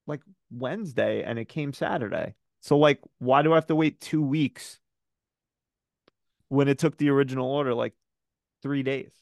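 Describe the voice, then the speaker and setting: A man's voice: on the high side, no room sound, clean studio sound. A man co-hosting a podcast, ranting in casual chat, rambling and swearing often. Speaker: podcast co-host.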